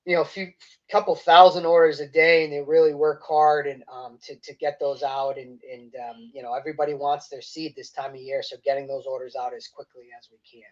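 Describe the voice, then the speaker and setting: Man, guest expert, enthusiastic, trailing off, higher voice, muffled lo-fi call audio. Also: level tone, brisk. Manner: enthusiastic, explanatory, trailing off softly. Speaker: seed company guest expert. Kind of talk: casual livestream interview answers.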